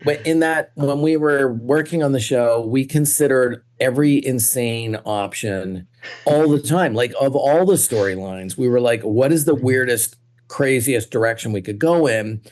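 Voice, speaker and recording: A man's voice: medium pitch, moderate pace, a little mellow. A man, a guest television creator, talking casually and thoughtfully on a podcast, often circling back with restarts.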